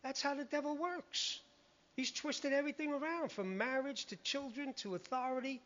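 A man's voice: very high voice, moderate pace, a bit bright. A man preaching a sermon in a conversational, emphatic way, often quoting scripture. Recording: muffled lo-fi recording.

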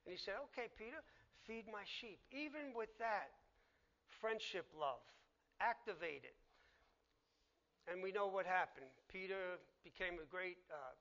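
A man's voice: high-pitched, animated, measured pace, pauses often, pushed and bright, lo-fi sound. A man preaching a conversational sermon, acting out the dialogue of the people in his story.

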